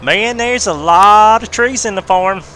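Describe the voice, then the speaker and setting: A man's voice: high voice, a little slow, sharp tone, pitched above the performer's own voice. A man putting on a goofy voice of a lost country redneck, hollering with an exaggerated twang. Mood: goofy, rowdy. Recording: noisy game sounds behind.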